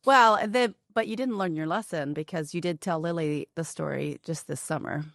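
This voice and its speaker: Lower-voiced woman hosting a podcast. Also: moderate pace, creaky, a bit bright, dry recording, studio quality. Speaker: podcast host. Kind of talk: casual interview conversation.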